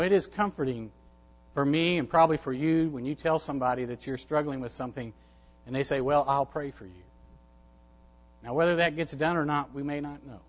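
A man's voice: medium pitch, dull audio. A man preaching a sermon as a pastor, emphatic and repeating phrases for stress.

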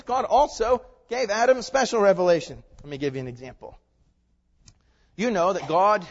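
A man preaching a sermon in a church, lively and emphatic, moving between loud declarations and quiet asides. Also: a little high. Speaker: pastor. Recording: dull sound with long hall reverb.

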